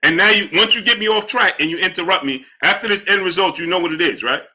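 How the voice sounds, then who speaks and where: Guy on a boxing livestream, bright sharp voice, kinda high, calling out chatters. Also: fast. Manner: combative, challenges chatters, shouts out viewers. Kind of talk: live-stream chat, reading donations.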